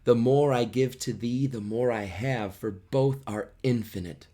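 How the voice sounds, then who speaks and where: A man's voice: medium pitch, unhurried, dark tone, natural voice. A man reading out a young lovestruck girl's lines in a lilting, heartfelt way. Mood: earnest. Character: young girl Juliet, earnest and lovestruck.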